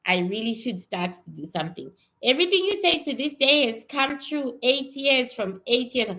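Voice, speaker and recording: A woman's voice: fairly high pitch, expressive, moderate pace, few pauses, bright, forceful tone. A woman talking casually on a livestream as a psychic reader, answering viewers bluntly and with some swearing, often repeating herself.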